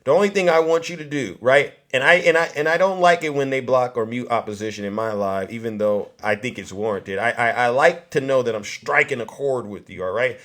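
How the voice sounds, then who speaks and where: A man hosting a political commentary livestream, loud and mocking, often repeating himself. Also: medium pitch, brisk, hardly any pauses. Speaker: livestream host.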